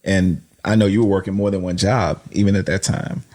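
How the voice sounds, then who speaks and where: A man's voice: low-pitched, fairly even intonation, fairly quick, darkish tone. A man interviewing friends on a podcast, asking questions in an encouraging, admiring way. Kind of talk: conversational interview.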